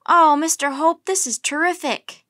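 A woman reading aloud voices James, an excited young boy, lifting her voice for his eager lines. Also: sits high, moderate pace.

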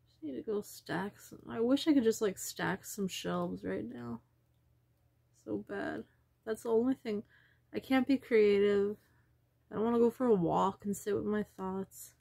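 A woman's voice: mid-range voice, fairly even intonation, normal speed, gravelly, dark tone, no room sound. A woman talking in a rambling personal vlog, wandering from thought to thought and sometimes dropping into a whisper. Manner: wandering, trails off and drops into whispers. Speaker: vlogger.

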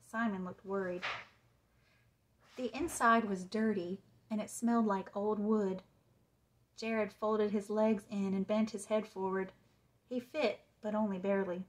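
A woman author reading a children's chapter book aloud with a measured, suspenseful delivery. Her voice sits in a middle range. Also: medium pitch, steady tone, poor audio. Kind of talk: storybook read-aloud.

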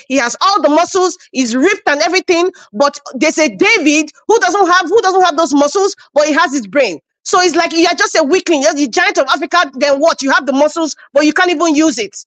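A woman's voice: high voice, a bit bright, no echo. A woman hosting a live-stream commentary show, speaking with passion and repeating phrases for emphasis.

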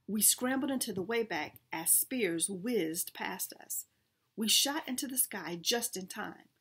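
A woman reading a children's storybook aloud in first person, expressive, with small restarts. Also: medium pitch, a little slow, slightly rough.

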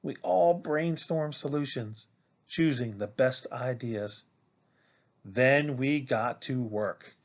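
A man reading a children's picture book aloud in a slow, expressive way, as a teacher for a class. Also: medium pitch, highs cut off.

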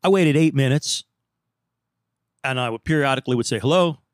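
A male podcast host telling a story in a casual, animated way, acting out the dialogue and laughing often. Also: medium pitch, brisk, dry recording, studio quality.

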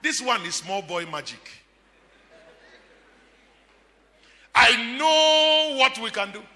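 A man's voice: very high-pitched, big pitch swings, unhurried, sharp tone, big-room sound, pitched above the performer's own voice, exaggerated voice. A Nigerian man voicing a scornful, dismissive Egyptian king within a sermon. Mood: mocking. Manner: mocking, dismissive.

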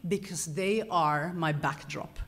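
Woman, conference speaker, low-ish voice, conversational lecture with frequent self-corrections. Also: slow. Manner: animated, self-correcting, chuckles between points. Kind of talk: lecture-style talk to an audience.

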